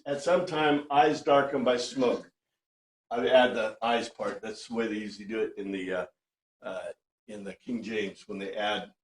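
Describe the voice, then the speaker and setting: This man's voice is on the high side, and the room is echoey. He teaches a casual Bible study class in a lively, conversational way, regularly checking in with "right?".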